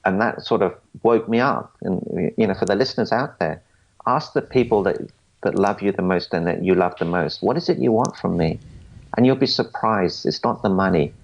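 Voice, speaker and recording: A man in his forties talks through his story in a low, gravelly voice. He is earnest and often stumbles and restarts his sentences. The audio sounds muffled and lo-fi. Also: normal speed. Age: 40s. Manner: earnest, stammers and restarts, quotes others. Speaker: podcast guest. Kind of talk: storytelling interview answers.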